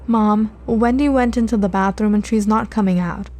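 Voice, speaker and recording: A woman's voice: medium pitch, fairly even intonation, moderate pace, natural voice. A woman narrator voicing an anxious little boy who blurts things out. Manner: nervous, blurting. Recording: loud music behind. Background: music.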